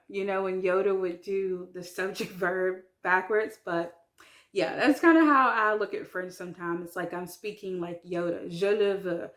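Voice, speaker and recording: A fairly bright, medium-pitched female voice belongs to an English-native woman learning French, chatting casually to camera. She talks a lot, makes fun of herself, drops in frequent ums and likes, and carefully and slowly sounds out French words.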